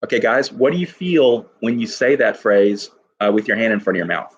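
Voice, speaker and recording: A male teacher giving an enthusiastic poetry lesson to his class, reading lines slowly and stressing each syllable. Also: lowish voice, expressive, husky, highs cut off.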